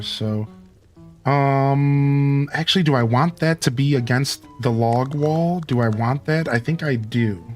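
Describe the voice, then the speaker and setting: Upbeat man thinking aloud while gaming. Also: mid-range voice. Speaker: streamer. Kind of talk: let's play commentary.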